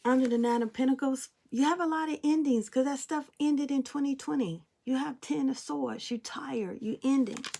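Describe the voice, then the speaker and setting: A tarot reader with a high, gravelly yet mellow voice talks at normal speed with few pauses, a faint hiss or hum in the recording. Her spiritual reading is preachy, blunt, and emphatic, aimed straight at viewers, with casual swearing.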